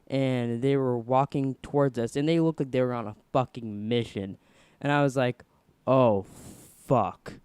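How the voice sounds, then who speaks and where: A young man hosting a podcast, casually rambling through an animated story. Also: mid-range voice, normal speed, smooth, no echo. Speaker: podcast host.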